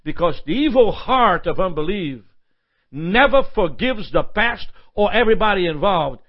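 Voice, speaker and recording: A man's voice: high-pitched, expressive, a little slow, gravelly, highs cut off. A male pastor preaching a sermon with impassioned repetitions and prayerful asides.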